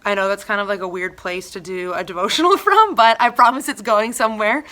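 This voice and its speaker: A woman's voice: medium pitch, brisk. A young woman giving a casual church devotional, reading scripture and then talking it through in a chatty way full of fillers. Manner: chatty, filler-heavy, animated retellings.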